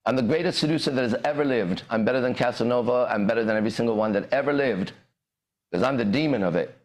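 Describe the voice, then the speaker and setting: A man's voice: mid-range voice, fast. A man hosting a podcast and giving a profane, swaggering motivational monologue. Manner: swaggering, profane, bursts into shouted lyrics. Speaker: podcast host and dating coach. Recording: echoey room.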